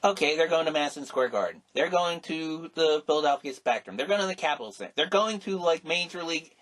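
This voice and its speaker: A middle-aged man co-hosting a casual podcast, rambling and animated, with many restarts and exclamations. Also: fairly high pitch, fast. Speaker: podcast co-host. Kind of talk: casual chat.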